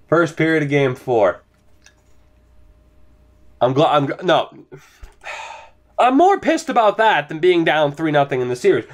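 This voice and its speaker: A young man giving excitable, profane commentary on his hockey game, ranting and then calming down. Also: on the high side, measured pace, pauses often. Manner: excitable, swears, rants then talks softly to his dog. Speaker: gaming YouTuber. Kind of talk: let's play commentary.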